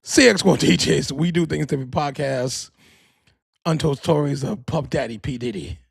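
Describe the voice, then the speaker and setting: A man's voice: on the high side, normal speed, vocal fry, slightly rough, no room sound, clean studio sound. A man hosting a podcast, telling stories in a loose, comic way, swearing and laughing at his own tales. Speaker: podcast host.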